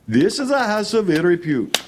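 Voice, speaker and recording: A man's voice: high voice, sing-song, moderate pace, background noise, pitched above the performer's own voice. A man doing an alarmed Indian driver. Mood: matter-of-fact.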